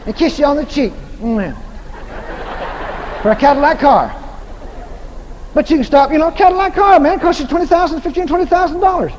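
A man's voice: very high voice, expressive, a little fast, long pauses, a little mellow. Brief: folksy, humorous male preacher, repetitive delivery, faint background noise. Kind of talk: sermon. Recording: echoey hall, faint noise.

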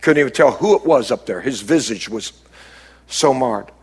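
Husky-voiced man preaching a sermon. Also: mid-range voice, lively intonation, moderate pace. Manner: preaching with sudden rises and drops, calls to the crowd. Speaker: pastor.

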